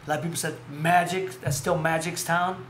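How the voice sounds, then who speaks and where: A man's voice: fairly high pitch, fairly quick. A man hosting a casual live stream, telling rambling stories and often correcting himself. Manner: rambling, animated storytelling with self-corrections. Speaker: host. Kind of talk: casual live-stream chat about boxing. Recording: echoey room with faint background noise.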